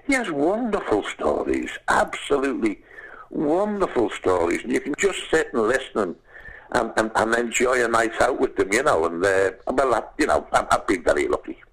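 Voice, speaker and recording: Liverpool actor, animated storyteller, gravelly and husky, lowish pitch. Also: male voice, moderate pace, low-quality recording. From England. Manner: animated storyteller, acts out voices, says "lad". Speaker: actor and guest. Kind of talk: casual chat, storytelling.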